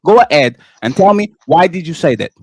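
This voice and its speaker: A man's voice: a little high, lively intonation, a little fast, breathy edge, dry recording. A man co-hosting a live panel show, speaking English as a second language, insistently cutting in and lecturing a guest in a heated debate. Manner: insistent, repeats "sir" to cut in, lecturing.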